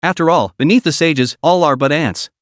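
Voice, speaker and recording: A man narrating a scripted story recap in an even storytelling delivery. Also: on the high side, moderate pace, no echo, studio quality.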